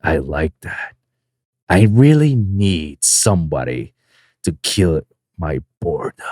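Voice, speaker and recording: A man putting on a deep, growling voice for a bored, menacing male mastermind villain who taunts slowly. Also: big pitch swings, a little mellow, no echo, studio quality, heavily acted. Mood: taunting. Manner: slow, taunting. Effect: pitched-down vocal processing.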